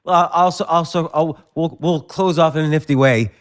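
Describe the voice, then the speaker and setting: A man hosting a podcast interview, talking quickly and analytically as he sums up his guest's stories. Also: on the high side, clean tone. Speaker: podcast host. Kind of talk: interview conversation.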